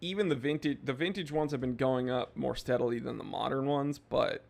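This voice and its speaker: A man's voice: medium pitch, fairly quick, creaky, darkish tone. A man in his thirties hosting a livestream, casually reading viewer comments aloud and joking with the chat. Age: 30s. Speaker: livestream host.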